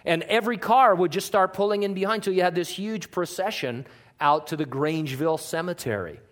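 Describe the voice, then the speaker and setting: A man, a pastor, giving a conversational sermon in church, joking and often changing his pitch and loudness. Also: a little fast.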